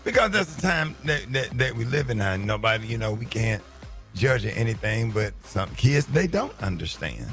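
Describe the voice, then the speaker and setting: Lively-voiced man hosting morning radio. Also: mid-range voice, normal speed, faint music behind. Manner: laughing, teasing, conversational. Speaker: morning show host. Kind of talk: casual radio banter.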